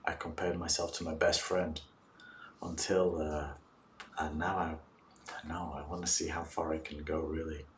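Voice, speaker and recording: A man's voice: very deep voice, level tone, moderate pace, a little hiss or hum. A man guest coach in a casual interview, telling stories animatedly and acting out his clients' replies. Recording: roomy, distant mic with faint ambience.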